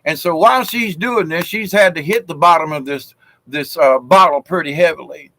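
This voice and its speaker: A man's voice: a little high, normal speed, a bit bright, dry recording, rough recording. A man from South Georgia, telling jokes in a folksy, chuckling way on a live stream. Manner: folksy and chuckling, with frequent fillers. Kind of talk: casual joke-telling chat.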